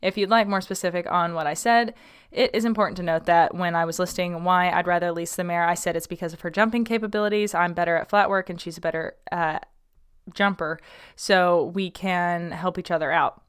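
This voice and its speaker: A woman's voice: lowish voice, steady tone, brisk, smooth. A young woman hosting a casual podcast, reading out a listener's question and chatting about it with many ums and likes. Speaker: podcast host.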